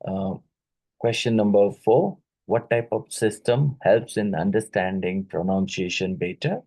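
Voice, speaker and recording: A man teaching an exam-prep lesson, reading each question twice and pausing with fillers and "right?" tag questions. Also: on the low side, mellow, low-quality recording. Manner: halting, with many fillers and "right?" tags; repeats each question aloud.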